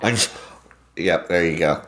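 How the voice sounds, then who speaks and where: A man's voice: low voice, a little slow, fairly bright tone. A man co-hosting a podcast, reacting to a story with playful enthusiasm in casual chat. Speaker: podcast co-host.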